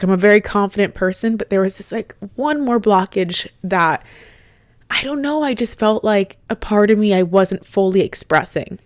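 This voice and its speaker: A woman's voice: fairly low pitch, clean tone, no room sound, studio quality. A young adult woman hosting a podcast, talking in a candid, heartfelt, chatty way about her own life. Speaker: podcast host. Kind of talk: casual solo chat.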